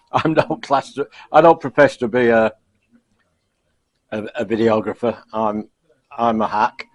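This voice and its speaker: A middle-aged man giving a casual, rambling sign-off to camera from a home kitchen, halting with lots of fillers, chuckling and self-deprecating. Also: medium pitch, no room sound. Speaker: cooking vlogger. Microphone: camcorder.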